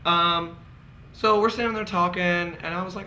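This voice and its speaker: A man's voice: high voice, steady tone, normal speed, sharp tone, slight background noise, low-quality recording. A man telling candid, campy stories to friends as a casual vlog, laughing often. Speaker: vlogger. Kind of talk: casual gossipy storytelling.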